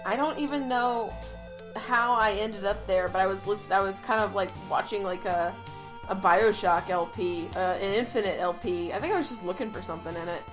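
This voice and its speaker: A young woman co-hosting a podcast in casual chat, gushing excitedly and swearing freely. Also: medium pitch, normal speed. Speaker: podcast co-host. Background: faint background music.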